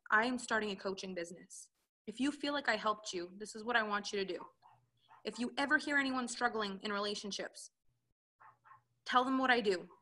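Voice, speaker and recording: Bright-voiced woman telling her story. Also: mid-range voice. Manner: earnest storyteller, acts out quoted dialogue. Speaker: relationship and business coach, guest. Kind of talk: interview, personal story.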